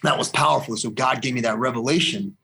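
A man talks through his story in an earnest, rambling way, circling back and repeating lines to drive them home. His voice sits at an ordinary middle pitch for a man, neither deep nor high. He speaks as a guest in a conversation, giving his testimony. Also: quick pace, gravelly, pushed and bright. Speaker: interview guest. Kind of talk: personal faith testimony in conversation.

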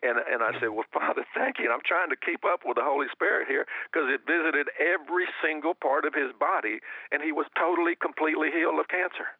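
A man giving an excited testimony as a guest minister on a religious talk show, often repeating his words. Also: fairly high pitch, quick pace, dry recording, phone-quality sound.

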